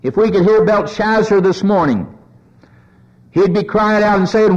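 A man preaching a sermon, his pitch rising as he voices the cries of sinners. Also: unhurried, long pauses, a little mellow, dull audio.

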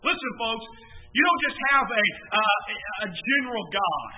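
A man preaching a sermon as a pastor, emphatic, swinging between loud swells and soft drops. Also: high voice, very animated, moderate pace. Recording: echoey hall, tinny phone-like sound.

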